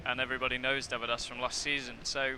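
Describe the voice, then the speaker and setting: Sharp-toned joking color commentator man. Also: mid-range voice, fast. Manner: relaxed, analytical, joking. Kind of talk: live sports commentary.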